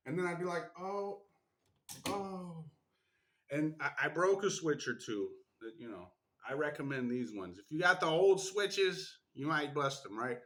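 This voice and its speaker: A man's voice: fairly high pitch, animated, normal speed, few pauses, a bit bright. Chatty man demonstrating stretches in an echoey room. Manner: chatty, repeats "right?" often. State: strained from stretching. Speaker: martial arts instructor. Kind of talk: casual spontaneous demonstration. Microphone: camera mic.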